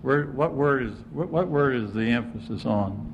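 A man's voice: medium pitch, animated, normal speed, lo-fi sound, background noise. Conversational preaching man. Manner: conversational, asks the audience questions. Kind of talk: informal sermon.

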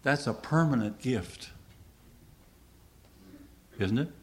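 A man's voice: medium pitch, lively intonation, slow pace. A man preaching a sermon to a congregation, earnest, asking the listeners questions and repeating key lines.

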